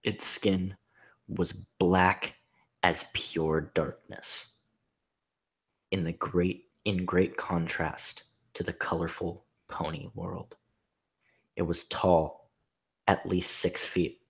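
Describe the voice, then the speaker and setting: A husky man reading fan fiction aloud in hushed, half-whispered deadpan narration. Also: low-pitched, slow pace, long pauses. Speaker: reader.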